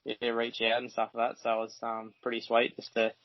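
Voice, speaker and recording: A man's voice: medium pitch, monotone, fairly quick, a little hiss or hum. An Australian man, a mechanic, chatting casually as a podcast guest, rambling and swearing freely. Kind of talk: casual chat. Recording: dry, slightly dull podcast audio.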